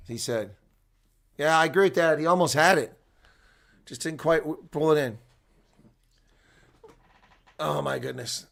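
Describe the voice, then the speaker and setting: A man giving live rugby play-by-play commentary, moving from relaxed asides to excited calls. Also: a little high, unhurried, creaky, pauses often. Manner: swings from quiet asides to loud excited calls; chuckles and chats with viewers between plays.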